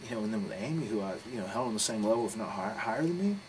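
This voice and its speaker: Speaking quickly and in a lowish register, a pro wrestler guest spins a blunt, expletive-laden story that meanders across details in a candid interview. Constant background noise runs under the recording.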